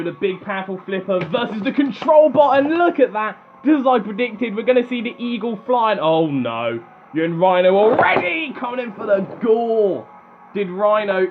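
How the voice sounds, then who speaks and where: A young man doing excitable play-by-play commentary on a robot combat match, animated and chatty. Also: high voice, muffled recording, a little hiss or hum.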